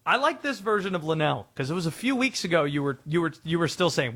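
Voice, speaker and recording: Wry, bright-voiced sports talk co-host. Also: male voice, a little high, animated, fairly quick. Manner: teasing, wry, jokey asides. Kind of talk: sports talk radio banter.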